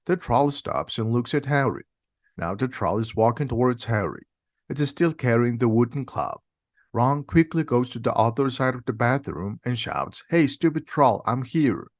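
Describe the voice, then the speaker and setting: A man narrates a simplified audiobook in a steady, plain reading. His voice sits at an ordinary middle pitch. The recording is dry and close. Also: dry recording. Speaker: reader.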